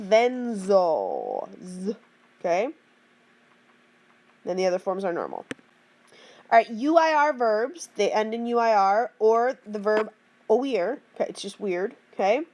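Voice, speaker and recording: A woman's voice: a little high, a little mellow. A woman teaching a grammar lesson, explaining patiently and checking in with the class with frequent "okay?" and "right?". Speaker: Spanish teacher.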